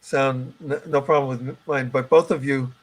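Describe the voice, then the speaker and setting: A man's voice: mid-range voice, steady tone, normal speed, rough recording. A man hosting a video call, hesitantly testing microphones and the broadcast with his team. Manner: hesitant, many restarts and fillers. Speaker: host running the broadcast. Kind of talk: casual video-call tech check.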